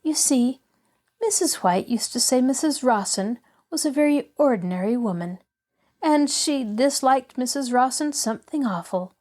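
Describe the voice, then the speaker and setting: A woman's voice: high voice, lively intonation, moderate pace, a little mellow, pitched above the performer's own voice. A woman reading a storybook aloud, voicing an eager, cheerful little girl who chatters on.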